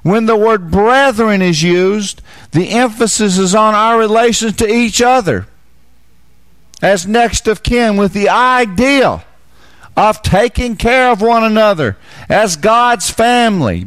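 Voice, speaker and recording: High-voiced man teaching a sermon. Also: measured pace, fairly bright tone, clean tone, dry recording. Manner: repeats key phrases, asks the listeners questions. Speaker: preacher.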